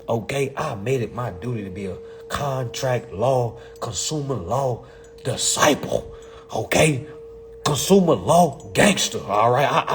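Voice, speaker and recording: A man, talking in a profane, excitable casual monologue, reading legal text aloud and mocking it. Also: medium pitch, a little hiss or hum. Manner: profane, excitable, laughs often, reads text aloud and mocks it. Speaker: commentator on consumer law.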